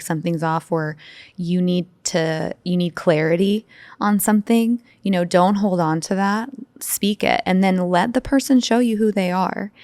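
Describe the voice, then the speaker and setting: A woman guest on a podcast, talking in an open, animated storytelling way, her speech full of fillers. Her voice sits a little low, and it is recorded dry and close with no room sound. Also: no room sound. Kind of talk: casual interview conversation.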